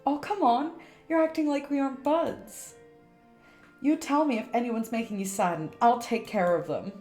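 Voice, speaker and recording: A woman's voice: a little high, normal speed, reverberant, soft background music, close to an everyday voice. A woman voicing a cheerful, protective teenage schoolgirl from a game, reading her lines aloud on stream. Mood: eager, caring. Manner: bright, eager, affectionate.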